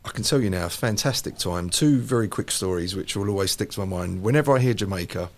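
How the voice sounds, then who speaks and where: A man, a podcast host telling a lively personal story in casual chat. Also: deep voice, quick pace. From London. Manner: animated anecdote teller, repeats phrases for emphasis.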